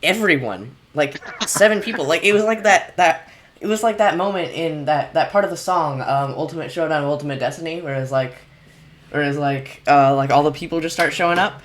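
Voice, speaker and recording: A man hosting a casual chat, rambling excitedly with lots of restarts and fillers. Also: fairly high pitch, brisk, a little hiss or hum. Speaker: podcast host reacting to a video.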